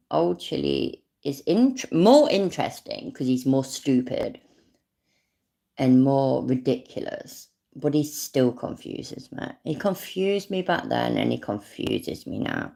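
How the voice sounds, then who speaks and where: British lady ranting over a clip, low gravelly voice, sarcastic, swears a lot. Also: dark tone. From not American. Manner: sarcastic, rambling, swears freely. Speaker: commentator reacting to a clip. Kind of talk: casual commentary.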